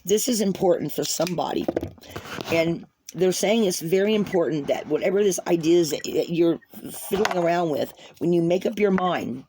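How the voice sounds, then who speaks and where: A woman's voice: fairly low pitch, mellow, slight background noise. A woman doing a tarot reading for viewers, talking in an earnest, rambling way and often repeating herself. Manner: earnest, repetitive, rambling, addresses viewers as guys. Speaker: tarot card reader.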